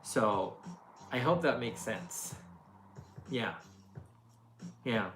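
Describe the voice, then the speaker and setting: A woman's voice: very deep voice, expressive, very slow. A woman who makes food videos, chatting casually and answering questions, with lots of fillers, restarts and laughs. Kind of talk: casual Q&A chat. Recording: echoey room, faint music behind.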